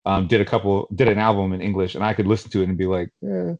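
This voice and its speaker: Low-voiced man from Queens, chatty. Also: rapid-fire, lo-fi sound. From Queens, New York. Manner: animated, rambling storytelling with many fillers. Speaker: podcast co-host. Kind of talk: casual podcast chat.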